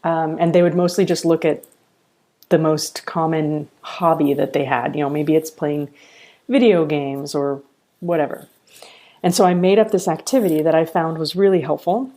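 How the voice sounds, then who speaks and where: Low-voiced woman telling earnest stories. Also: normal speed. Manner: earnest, animated storyteller. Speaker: college founder and president. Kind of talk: podcast interview, storytelling.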